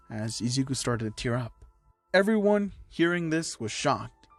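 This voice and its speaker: A male narrator reading a fan story aloud with plain, steady delivery in a medium-pitched voice. Faint music runs underneath his reading. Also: moderate pace.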